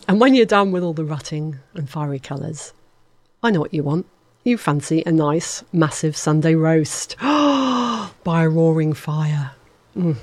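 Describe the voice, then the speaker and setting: Low-voiced chatty radio host woman. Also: no echo. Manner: chatty and playful, jokes at herself. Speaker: radio presenter. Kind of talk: casual radio chat. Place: radio studio.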